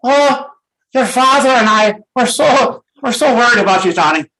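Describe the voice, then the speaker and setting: A man doing a shrill fretting Scottish mum. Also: expressive, moderate pace, heavily acted, poor audio. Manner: shrill, loud and theatrical. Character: fretting Scottish mother of a mischievous boy.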